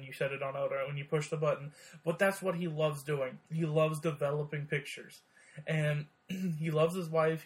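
A man co-hosting a podcast in casual chat, talking quickly and stammering over repeated words. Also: a little high. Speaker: podcast co-host.

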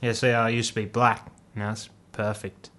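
A man's voice: lowish voice, level tone, normal speed, pushed and bright. A young man co-hosting a casual podcast chat, giving brief, laid-back and somewhat hesitant replies. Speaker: podcast co-host.

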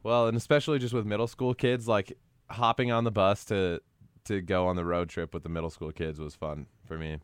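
A man's voice: deep voice, fairly quick, smooth, no echo. A young man co-hosting a casual sports podcast, rambling about coaching middle school basketball. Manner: rambling, animated when quoting kids.

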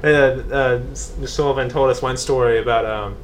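A teenage man telling stories in a casual podcast chat, lively and quick to laugh. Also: mid-range voice. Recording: faint background hiss.

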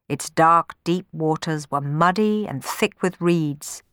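Woman storyteller, clear expressive reading, lowish voice, dry close sound. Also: slow, no echo. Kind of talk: storybook narration.

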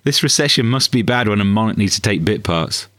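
A man's voice: on the low side, a little fast, no room sound, clean studio sound. A man hosting a comedy podcast, delivering a sarcastic scripted monologue. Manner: deadpan, sarcastic.

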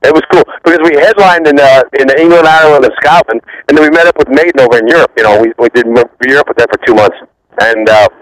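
A man in his fifties, a former rock bassist, rambling through profane backstage stories and laughing often. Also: quick pace, no echo, low-quality recording. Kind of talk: casual interview storytelling.

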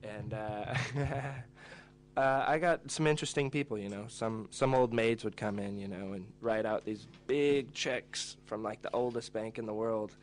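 A man's voice: on the low side, fairly even intonation, a little slow, slight background noise. A young man chatting hesitantly as a guest, rambling, and singing his own songs. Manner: rambling, hesitant, soft-spoken. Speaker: guest musician.

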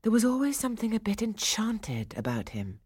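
A woman narrating a storybook in an expressive, measured storytelling manner. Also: on the high side, husky, dry recording, clean studio sound.

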